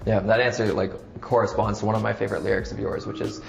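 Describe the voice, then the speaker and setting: A man's voice: lowish voice, flat delivery, fast, vocal fry, faint music behind. A man interviewing a guest, eager and fan-like, often bringing up favorite lyrics. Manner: enthusiastic fan, quotes lyrics. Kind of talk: casual interview. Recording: roomy echo.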